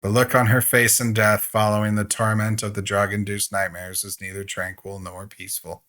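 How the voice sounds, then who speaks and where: A man with a lowish voice reads a game's story text aloud. His delivery is slow and measured, like a gaming host narrating for viewers. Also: little pitch movement, a bit bright.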